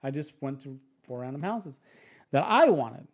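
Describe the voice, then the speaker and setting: In a casual podcast chat, a young male guest with a mid-range voice tells a story with lots of energy. He acts out the voices of others and restarts his sentences quickly.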